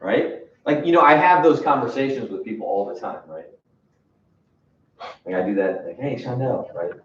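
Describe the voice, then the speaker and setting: A man's voice: medium pitch, expressive, normal speed, a little hiss or hum. A man coaching from across an echoey room. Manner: emphatic, coaching, asks "right?" often. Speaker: sales trainer. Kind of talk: training session talk. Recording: distant, echoey room, dull sound.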